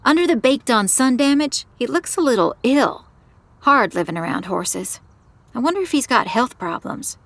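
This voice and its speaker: A woman giving first-person scripted narration of an audio drama in a measured storytelling manner. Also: on the high side, lively intonation, dry recording.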